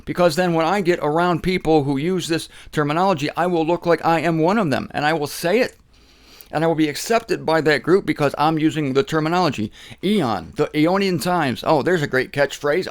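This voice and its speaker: Man, Bible teacher, casual teaching talk, animated, repeats himself for emphasis, slightly high voice. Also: moderate pace.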